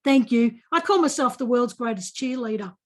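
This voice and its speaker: Australian woman host, high bright pitch; effusive cheerleader who rambles and repeats herself. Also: expressive, normal speed. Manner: gushing, repeats herself, talks over guest. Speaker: podcast host. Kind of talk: effusive podcast interview over video call. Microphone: video call.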